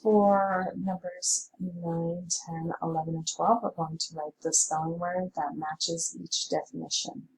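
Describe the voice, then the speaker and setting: A woman's voice: on the low side, flat delivery, measured pace, few pauses, slight background noise, rough recording. A woman teacher giving a recorded spelling lesson, patiently sounding out words.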